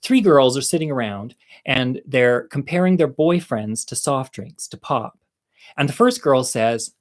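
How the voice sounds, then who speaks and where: A man's voice: medium pitch, lively intonation, a little slow. A man hosting his own show, telling jokes in a rambling, campy way that keeps interrupting itself. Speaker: host and storyteller. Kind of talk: stand-up joke telling.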